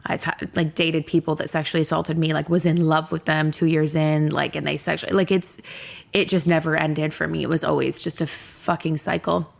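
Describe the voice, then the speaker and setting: A woman's voice: deep voice, flat delivery, a little fast, vocal fry. A young woman hosting a podcast, telling a personal story candidly and emotionally, swearing freely. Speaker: podcast host.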